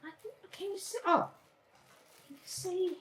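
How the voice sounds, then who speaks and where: A woman's voice: very high-pitched, unhurried, fairly bright tone. A woman co-hosting a casual crafting chat, gushing and chatty, often trailing off mid-sentence. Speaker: co-host of a cross-stitch channel.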